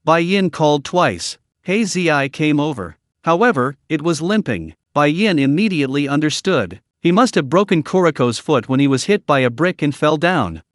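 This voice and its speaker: Give me a man narrating a story recap with lively intonation, recorded dry and close. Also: fairly high pitch, dry recording. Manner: steady storytelling read. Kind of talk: scripted narration.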